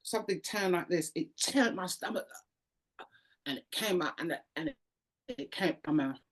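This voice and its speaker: Low-voiced woman telling a testimony. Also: moderate pace, slightly rough. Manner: animated storyteller, acts out voices, frequent repetitions. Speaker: interview guest. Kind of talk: emotional testimony.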